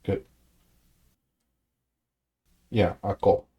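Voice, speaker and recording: On a muffled recording with a little hiss or hum, a man draws out his words as he leads a relaxed Tongan study session. He patiently works through grammar out loud, with many fillers and restarts, and offers brief praise to learners.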